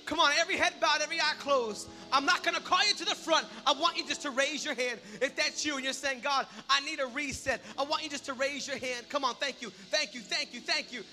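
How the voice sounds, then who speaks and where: A man preaching a sermon, shouting in bursts and then dropping to quiet prayer. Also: extremely high pitch, brisk, few pauses. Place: church hall. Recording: long hall reverb with music behind.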